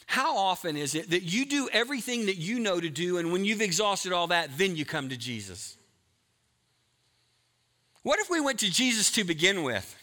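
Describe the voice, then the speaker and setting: A middle-aged man preaching a sermon, emphatic, moving between loud stretches and hushed ones. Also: high voice, big pitch swings, moderate pace. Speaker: pastor.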